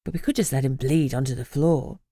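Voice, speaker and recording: A woman's voice: extremely low pitch, a little fast, dark tone, dry recording, studio quality, pitched below the performer's own voice. A woman voicing a bloodthirsty, eager female companion who pleads plaintively.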